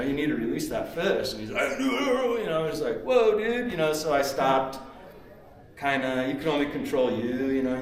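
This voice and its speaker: A man speaking at a seminar, telling a story casually and rambling, with many "you know"s and acted-out quotes. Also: medium pitch. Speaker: seminar speaker, tournament kayak angler. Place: expo seminar hall. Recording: echoey hall, mic far off.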